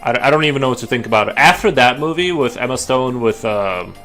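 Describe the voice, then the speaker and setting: A man's voice: mid-range voice, animated, fast, fairly bright tone. Man, casual streamer chat, rambling with fillers and restarts, faint music in the background. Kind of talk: casual chat while drawing.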